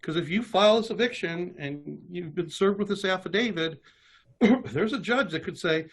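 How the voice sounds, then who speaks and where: A man's voice: high-pitched, moderate pace, husky. Man talking through eviction rules. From Kentucky. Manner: reads legal text aloud with asides. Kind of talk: casual webinar talk.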